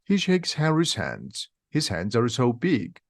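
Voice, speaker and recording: A man slowly reading a simplified storybook aloud for language learners. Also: mid-range voice, huge pitch swings, no echo, clean studio sound. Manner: slow, simple, clearly paced. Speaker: reader. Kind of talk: slow graded-reader story narration for learners.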